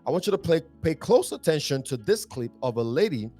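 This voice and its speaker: A man's voice: fairly high pitch, big pitch swings, fairly quick, dark tone. Man, podcast host, upbeat, easy laugh, music faint behind. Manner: upbeat, laughs often, reads scripture aloud. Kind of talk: casual podcast chat.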